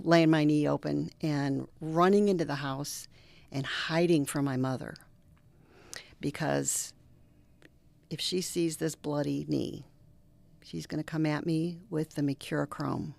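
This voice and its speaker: A middle-aged woman, a reverend, speaking as an interview guest and telling personal stories earnestly, now lively, now dropping to a soft near-whisper. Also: sits low, gravelly. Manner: earnest, animated storyteller who drops to soft near-whispers. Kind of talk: interview conversation with personal storytelling.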